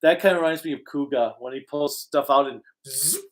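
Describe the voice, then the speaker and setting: A woman with a low voice hosts a casual livestream chat. She is excitable and keeps breaking off to read out viewer comments. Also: fairly quick. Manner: excitable, reads chat aloud. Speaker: livestream host.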